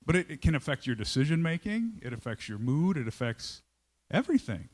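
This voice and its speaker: A man giving a storytelling talk to a live audience as a company leader, lively and conversational, checking in with his listeners and acting out his own inner voice. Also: on the high side, a little fast.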